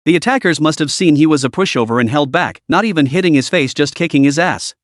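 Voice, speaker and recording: A man reading a comic story aloud as the narrator, in a steady scripted delivery. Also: a little high, quick pace, no echo, studio quality.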